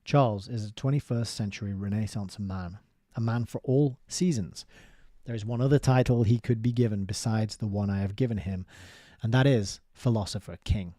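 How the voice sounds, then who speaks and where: A man's voice: fairly low pitch, normal speed, dry recording, clean studio sound. A man reading a book aloud and breaking off into casual, chatty commentary. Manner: steady reading broken by chatty asides with fillers and laughs. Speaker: book reviewer.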